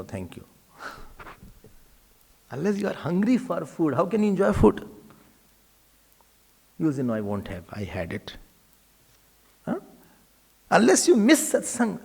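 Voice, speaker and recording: A man speaks as a swami giving a devotional talk. His voice sits high for a man and swings widely in pitch. A gravelly fry runs through it, and he acts out little dialogues, sometimes sinking to a whisper. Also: a little mellow. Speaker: swami, spiritual teacher. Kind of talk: devotional discourse.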